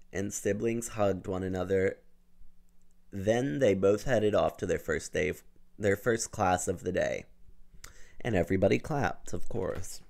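A man reads a novel aloud and breaks off to mock it with sarcastic, profane asides. His voice is low and gravelly with lots of fry. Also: a little mellow. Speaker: reviewer. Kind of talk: reading a novel aloud with mocking commentary.

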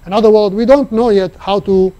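A man giving a mathematics seminar lecture, explaining step by step and pausing to think, with restarts. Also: high-pitched, steady tone, mellow. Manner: halting, thinking aloud with restarts. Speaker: seminar speaker. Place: seminar room.

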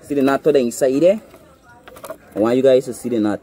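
A man's voice: mid-range voice, brisk, crowd noise. A man with a Guyanese accent, filming himself on a phone outdoors and explaining a trap step by step, often checking that viewers understand. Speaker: hunting vlogger. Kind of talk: casual outdoor demonstration. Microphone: phone camera.

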